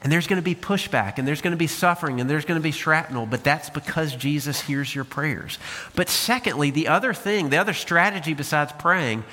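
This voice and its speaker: A man's voice: on the high side, brisk, pushed and bright. A man preaching a sermon as a pastor, talking to the congregation in a conversational way with rhetorical questions. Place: church sanctuary. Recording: long hall reverb.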